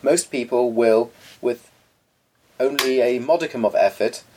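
A man's voice: mid-range voice, measured pace, a little mellow, slight background noise. A man co-hosting a casual chat, talking in an articulate, pedantic, opinionated way. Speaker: podcast co-host.

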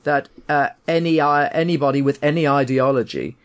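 A man's voice: on the high side, brisk. A man co-hosting a podcast, arguing his opinions emphatically in casual chat, often restarting his sentences. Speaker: podcast co-host.

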